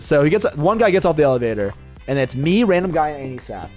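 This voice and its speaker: A young adult man streaming a game tells a rambling, profane, casual story over soft background music. He's very animated and quick, with a voice on the high side and a darkish tone.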